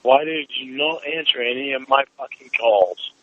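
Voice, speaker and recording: A man's voice: medium pitch, normal speed, sharp tone, no echo. A man on a heated phone call, furious, swearing nonstop and making demands. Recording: dull phone line recording.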